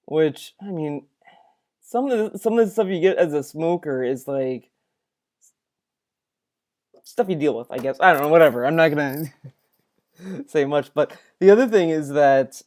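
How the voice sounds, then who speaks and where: A man with a mellow, dark-toned voice talks through a reaction video. He rambles and stumbles over restarts as he builds his points. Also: a little high. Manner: rambling, halting, full of restarts and filler. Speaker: commentary video host. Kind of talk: reaction commentary.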